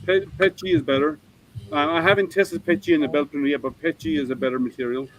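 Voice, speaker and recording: A man's voice: a little high, steady tone, fast talker, low-quality recording. A man hosting a casual livestream hangout from home, rambling and thinking aloud with plenty of ums, talking over an online call mic. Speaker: livestream host.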